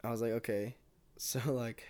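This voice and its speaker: A man's voice: mid-range voice, level tone, normal speed, a crowd in the background. A young man chatting casually, laid-back and agreeable, swearing in passing while telling his own story. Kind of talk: casual chat.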